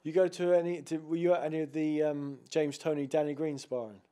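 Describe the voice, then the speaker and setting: A male interviewer with a warm, mellow tone and a slightly high pitch. He asks short questions, sometimes restarting them, and leaves his guest plenty of room to talk. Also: little pitch movement, a little fast. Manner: brief prompts with hesitant restarts.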